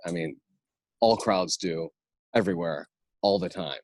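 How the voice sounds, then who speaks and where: A man, an improv instructor, chatting as a guest and acting out quotes in an animated way. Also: sits low, a little slow, long pauses, no room sound. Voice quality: animated storyteller, acts out quotes. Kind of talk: casual interview chat.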